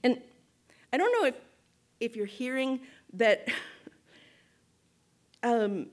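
A woman giving a reflective spoken teaching to a group, measured and thoughtful, often checking in with "right?" and restarting phrases. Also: a little high, darkish tone. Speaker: guest speaker.

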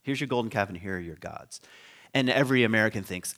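A man's fairly low, gravelly, somewhat bright voice moves a little fast as he gives an informal talk on biblical history. Conversational throughout, he laughs often, asks rhetorical questions, and drifts off mid-thought before restarting.

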